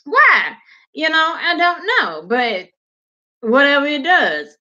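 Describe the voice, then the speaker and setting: A woman, hosting a show and chatting casually, animated and swearing freely. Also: high voice, takes it slowly, lo-fi sound. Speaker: podcast host. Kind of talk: casual chat.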